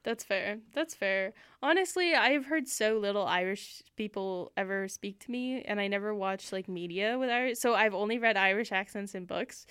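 A woman's voice: medium pitch, moderate pace, few pauses, a bit bright, smooth, dry recording, studio quality. A young Canadian woman chatting casually about a book, laughing often and using lots of fillers. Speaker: book podcast co-host. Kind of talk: casual chat.

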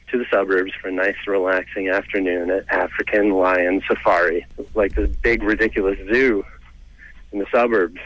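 A man's voice: lowish voice, fairly bright tone, no echo, low-quality recording. A young man, a comedian, chatting as a guest and telling a funny story in a self-mocking way, laughing between lines. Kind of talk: casual storytelling interview.

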